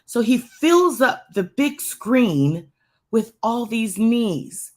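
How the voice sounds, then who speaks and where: A woman's voice: on the high side, expressive, very slow, darkish tone. A woman sharing a personal story with a congregation in a conversational way, repeating phrases for emphasis and drawing the listeners in. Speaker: church speaker.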